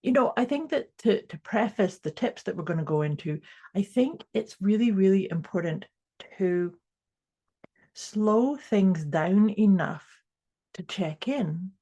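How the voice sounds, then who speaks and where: New woman, podcast co-host, husky and breathy, reflective and thoughtful. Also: medium pitch, expressive, measured pace, mellow, highs cut off. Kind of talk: casual chat.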